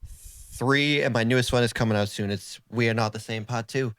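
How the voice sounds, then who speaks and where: A man's voice: medium pitch, moderate pace, clean tone, dry recording. Young man with a strong Boston accent. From South Boston, USA. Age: 20s. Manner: relaxed, filler-heavy talk with many "like"s. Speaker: podcast guest, therapist and rapper. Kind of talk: casual interview chat.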